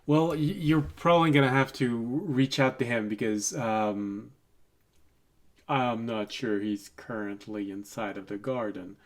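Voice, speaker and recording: A man acting as game master, narrating and speaking for characters, hesitant and full of pauses. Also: medium pitch, steady tone. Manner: hesitant, full of ums and restarts.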